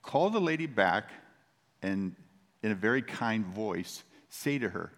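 A man with a fairly low voice preaches a sermon in a relaxed, storytelling way, as if talking to friends. His words ring out with a long echo in a large church hall. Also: a little slow. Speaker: pastor.

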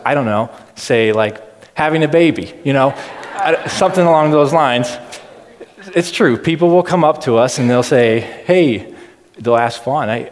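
A man giving a casual, chatty sermon in a low-key, self-deprecating way. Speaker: preacher. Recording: reverberant hall.

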